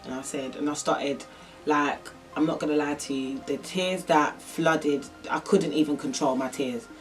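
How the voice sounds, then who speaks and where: A woman's voice: deep voice, fairly even intonation, measured pace, distant mic, faint music behind. A young woman telling a personal story in a vlog, rambling and emotional with lots of fillers. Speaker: vlogger.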